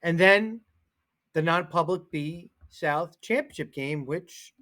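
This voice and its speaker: Speaking slowly in a fairly high voice, a co-host on a casual sports talk show recounts stories with animation. He acts out the people he quotes as he goes.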